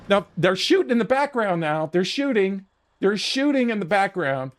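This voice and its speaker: An older man casually telling a military story while streaming a game, profane and animated, acting out the exchanges he quotes. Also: sits high, unhurried.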